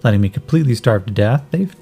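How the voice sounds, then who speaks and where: A man voicing a skinny, starving cyborg boy who jokes darkly and rambles, in a gravelly voice a little higher than his own. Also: lively intonation, quick pace, warm tone, soft background music, full character voice. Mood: joking. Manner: wry, rambling, gallows humor. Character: skinny starving cyborg kid, chatty, joking.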